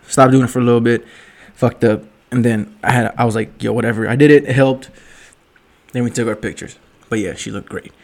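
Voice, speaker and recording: A man's voice: medium pitch, fairly even intonation, moderate pace, vocal fry, long pauses, a little mellow. Profane, rambling young man with slang. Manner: rambling, profane, joking slang with 'yo' and 'bruh'. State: drinking at night. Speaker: vlogger. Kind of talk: casual late-night storytelling.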